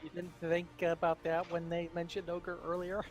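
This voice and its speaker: Guy at a dnd table, quiet, teasing, faint music behind. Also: on the high side, monotone, normal speed. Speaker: player. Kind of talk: casual chat at a game table.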